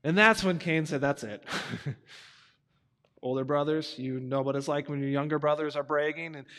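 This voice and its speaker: Animated preacher, high bright voice. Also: male voice, moderate pace, long reverb tail. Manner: animated, conversational, acting out the characters. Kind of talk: sermon retelling a story to young people.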